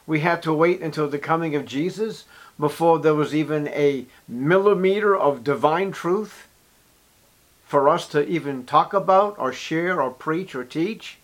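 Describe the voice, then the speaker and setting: A man preaching a sermon as pastor, reading scripture aloud and swinging between loud emphasis and hushed asides. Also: a little high, moderate pace.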